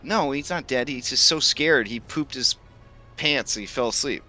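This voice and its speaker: A man's voice: medium pitch, moderate pace, sharp tone, faint music behind. Man playing a stern grandma shark, dry and no-nonsense. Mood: scolding. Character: older female shark, bossy grandma type.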